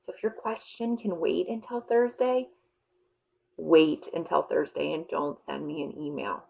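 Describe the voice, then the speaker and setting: A woman's voice: sits low, fairly even intonation, unhurried, gravelly, darkish tone, highs cut off. A young adult woman teacher giving her class a casual, direct update on the week's plan, with frequent ums.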